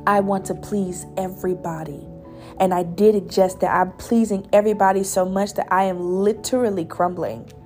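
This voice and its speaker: A young woman speaks in a soft, earnest, reflective way as she hosts her own podcast. Her voice carries a gravelly fry, and she pauses often and restarts her sentences. Faint music plays behind her. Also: mid-range voice. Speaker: podcast host. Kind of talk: personal faith podcast monologue.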